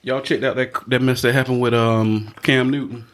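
A man's voice: medium pitch, level tone, normal speed. A man hosting a podcast in casual chat, rambling with many fillers and laughing often. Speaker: podcast host.

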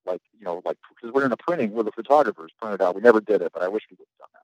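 A man's voice: on the low side, expressive, racing, dry recording, lo-fi sound. A man telling rambling, profane stories about his navy days in a casual podcast chat, often restarting his sentences. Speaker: guest, navy veteran.

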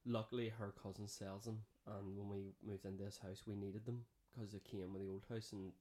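Sweary Northern Irish podcast host. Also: male voice, on the low side, a little fast. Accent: Northern Irish, Downpatrick and Belfast mix. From Northern Ireland. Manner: sweary, animated storyteller. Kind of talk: casual podcast chat.

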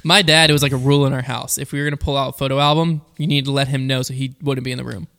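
A young man hosting a casual podcast chat, telling family stories with a joking, animated manner. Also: mid-range voice, racing, vocal fry. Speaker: podcast host.

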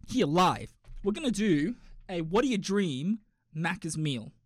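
A man's voice: high voice, very animated, measured pace, a little hiss or hum. A young man co-hosting a podcast in casual, joking, rambling chat. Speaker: podcast co-host.

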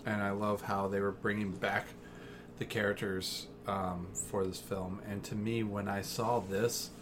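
A man's voice: fairly low pitch, level tone, measured pace, background noise. A man co-hosting a podcast in casual chat, speaking in a laid-back, hesitant way with many ums. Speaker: podcast co-host.

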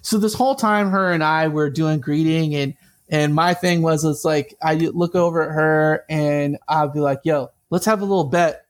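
A man telling a personal story in a casual conversation, animated and chatty, with lots of asides. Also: on the high side, moderate pace.

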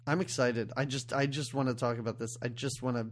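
A man's voice: mid-range voice, fairly even intonation, a little fast, a little hiss or hum. A man co-hosting a casual movie podcast, rambling loosely and laughing often between thoughts. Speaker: podcast co-host. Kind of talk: casual film podcast chat.

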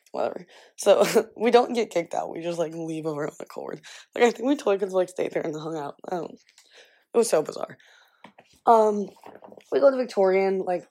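A woman in her twenties talks to the camera as she gets ready at home, rambling through stories in a loose, casual way. Her voice sits a little low for a woman, and "like" fills nearly every sentence. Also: darkish tone. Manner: chatty, rambling, heavy use of "like". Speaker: vlogger. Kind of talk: casual chat.

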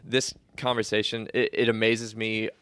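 A man's voice: on the low side, level tone, normal speed, a bit bright, clear, resonant tone, dry recording. A young man co-hosting a casual podcast chat, reflective and easygoing, sometimes playing with his voice.

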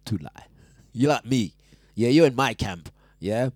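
A man's voice: medium pitch, expressive, a little slow, a little mellow, no room sound, studio quality. A man hosting breakfast radio, teasing a colleague and laughing often. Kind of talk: casual radio chat.

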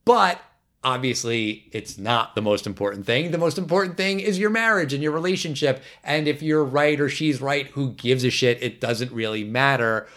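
A man hosting a casual movie podcast, talking in an opinionated, lively way. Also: mid-range voice, moderate pace. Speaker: podcast host.

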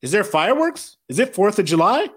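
A man co-hosting a podcast in casual chat, profane and animated, acting out movie scenes in quick voices. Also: high voice, slightly rough. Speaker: podcast co-host.

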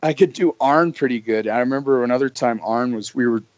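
A man's voice: mid-range voice, fairly quick, no echo. A young man from Canada, a podcast guest telling stories casually, rambling with restarts. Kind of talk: casual storytelling. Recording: dry muffled lo-fi audio.

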